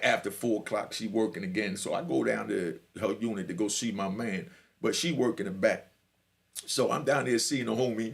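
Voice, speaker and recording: A man's voice: mid-range voice, vocal fry. A middle-aged man, telling a prison story in a swaggering, laughing way. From New York. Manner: animated, swaggering, laughs often, fills with "you know what I mean". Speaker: storyteller sharing prison stories. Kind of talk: casual storytelling.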